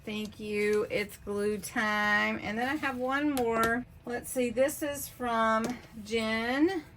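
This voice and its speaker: Woman, craft channel host, casual unboxing chat, warm gushing thanks, unhurried pace. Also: on the high side, a little hiss or hum.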